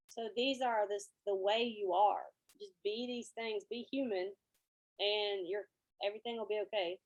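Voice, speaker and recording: A woman's voice: fairly high pitch, poor audio. A woman band director, giving a presentation and acting out quotes as she tells stories. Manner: lively storyteller, acts out quotes. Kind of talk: conference presentation.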